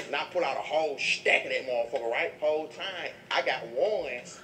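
A man being interviewed, telling comedic stories in an animated, profane way and laughing through them. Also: a little high, a little fast, few pauses, echoey room, recorded from a distance, noisy background. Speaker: interview guest. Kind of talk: comedic street interview storytelling.

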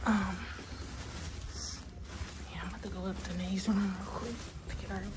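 A woman's voice: medium pitch, level tone, moderate pace, background noise. A young woman chatting casually to her viewers in a vlog, teasing and talkative. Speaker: vlogger. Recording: loud background music.

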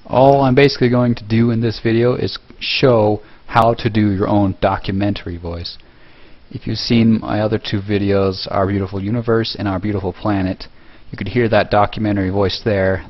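A man casually talking through a tutorial step by step, relaxed, with fillers and self-corrections. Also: lowish voice, moderate pace, highs cut off. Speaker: video tutorial host. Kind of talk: casual screen-recorded tutorial.

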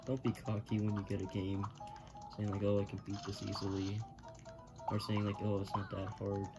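A woman with an unusually deep voice gives loose, rambling commentary while she plays. She mutters to herself and pokes fun at her own mistakes, with game music playing clearly behind her. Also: flat delivery, moderate pace. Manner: rambling, muttering, self-mocking, swears when failing. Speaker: gamer. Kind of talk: casual gameplay commentary.

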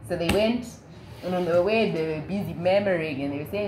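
A woman's voice: fairly low pitch, fairly quick, noisy background. A woman leading a Bible study, retelling a story casually and acting out the quoted voices. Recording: echoey room, faint ambience.

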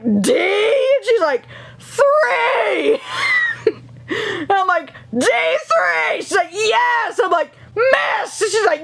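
Young female vlogger, lively storyteller, high voice. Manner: animated, laughing, acts out dialogue. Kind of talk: casual storytelling.

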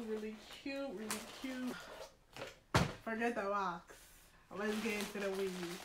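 Excitable young woman in a roomy space. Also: a little high. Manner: excitable, chatty, slangy, quick to laugh. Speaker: beauty vlogger. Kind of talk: casual unboxing chat to viewers. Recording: roomy echo, faint noise.

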